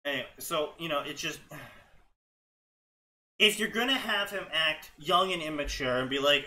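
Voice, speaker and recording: Male host, fanfic mockery, bright tense tone, a little high, sarcastic and exasperated. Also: normal speed, pauses often, rough recording. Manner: exasperated, sarcastic, often laughing. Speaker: fanfiction reading show host. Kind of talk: sarcastic commentary and reading aloud.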